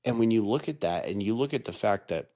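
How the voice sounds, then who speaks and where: Man cohost, earnest chatty talk, a bit low, keeps checking in. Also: expressive, brisk, dark tone. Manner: earnest, conversational, keeps asking "right?". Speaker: podcast co-host. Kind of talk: casual chat.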